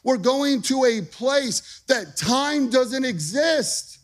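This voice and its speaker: Male pastor with a higher voice: energetic, emphatic sermon delivery, conversational asides. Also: slow. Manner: energetic, emphatic, repeats phrases for punch.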